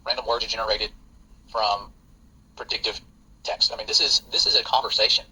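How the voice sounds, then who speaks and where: Fast, bright-voiced man reading and warning. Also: lowish voice, fairly even intonation, husky, poor audio. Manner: earnest, warning tone. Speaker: host and father. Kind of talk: reading aloud and commenting.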